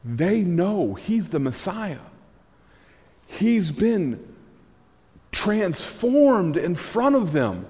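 A man preaching a conversational sermon, telling the story with animated energy and wry asides. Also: high-pitched, drawn-out words, long pauses. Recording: echoey hall.

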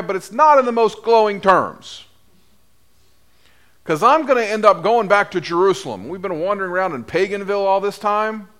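Lively, expressive man preaching a sermon. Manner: lively storytelling, acting out voices with big pitch swings. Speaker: priest.

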